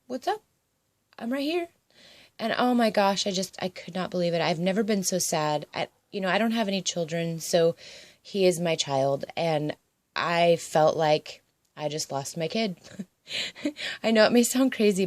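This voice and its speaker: A woman's voice: medium pitch, darkish tone, no room sound. A woman casually showing a handmade craft project, chatting and rambling with frequent ums and asides. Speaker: paper crafter. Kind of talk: casual craft show-and-tell.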